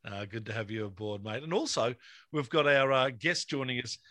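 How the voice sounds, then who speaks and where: A man's voice: medium pitch, moderate pace, sharp tone, dry recording. A man hosting a motorsport show, introducing guests in an upbeat, chatty way. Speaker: radio show host.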